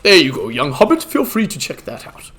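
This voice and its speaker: A man plays a genteel, easily flustered old wizard in an in-character game stream. The voice sits high and bright, with a lively, swooping melody. He stammers through prim, old-fashioned phrases. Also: brisk, heavily acted.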